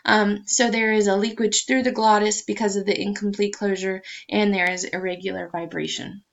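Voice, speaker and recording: A woman's voice: mid-range voice, fairly even intonation, brisk, gravelly, hardly any pauses. A woman lecturing to students in an explanatory way, with frequent ums and uhs, on a dull lo-fi recording.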